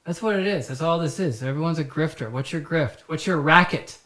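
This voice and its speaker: Rambling, profane comic storyteller. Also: male voice, on the high side, big pitch swings, unhurried, pauses often, fairly bright tone. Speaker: podcast host. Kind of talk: casual comedic storytelling. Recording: roomy echo.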